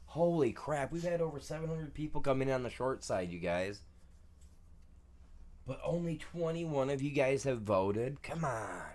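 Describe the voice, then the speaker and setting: A man's voice: mid-range voice, animated, unhurried, darkish tone. A man streaming a farming game, chatting casually to viewers in a rambling, jokey way and saying "man" constantly. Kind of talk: casual gameplay commentary.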